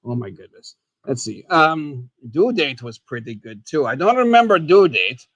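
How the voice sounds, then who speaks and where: Excitable high-voiced male stream host. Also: moderate pace, dry recording. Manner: excitable, keeps exclaiming, calls himself the dead skeleton in third person. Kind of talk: casual live stream chat while eating.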